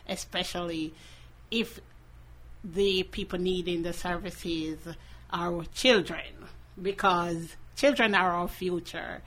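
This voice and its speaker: A woman speaking as a guest in a radio studio interview, earnest and measured. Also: lowish voice, a bit bright, a little hiss or hum.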